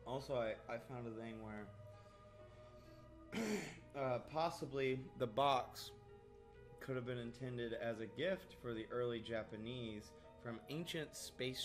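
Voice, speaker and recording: A man co-hosting a casual podcast, joking, swearing and laughing a lot. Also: medium pitch. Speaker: podcast co-host. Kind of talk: casual chat.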